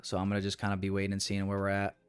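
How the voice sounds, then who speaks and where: Casting: young male day-trader streamer, lowish smooth voice, rambling frustrated live commentary over faint music. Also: monotone, racing. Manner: frustrated, rambling, restarts, calls viewers boys.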